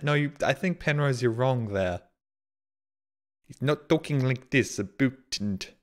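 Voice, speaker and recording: A man's voice: mid-range voice, fairly bright tone. Guy streamer reading out donos, sarcastic and self-deprecating, just chatting. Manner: sarcastic, self-mocking banter. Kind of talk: casual chat reading donations.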